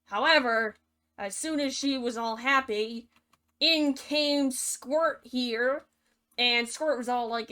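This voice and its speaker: A woman's voice: sits high, slow, sharp tone. Playful, slangy young woman storyteller. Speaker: narrator. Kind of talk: casual storytelling narration.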